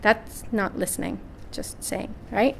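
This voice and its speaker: A woman's voice: mid-range voice, unhurried, gravelly, slight background noise. A woman speaking at a live parenting seminar, telling anecdotes with acted-out voices and often checking in with "right?". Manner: animated storyteller, acts out voices, asks "right?" often. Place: seminar room before an audience.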